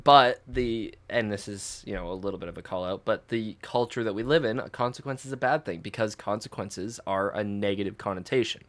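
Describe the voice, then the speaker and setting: A man co-hosting a casual podcast who talks earnestly about teaching, often trailing off into quieter asides. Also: fairly low pitch, brisk, few pauses. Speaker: podcast co-host, teacher and soccer coach. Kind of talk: casual chat.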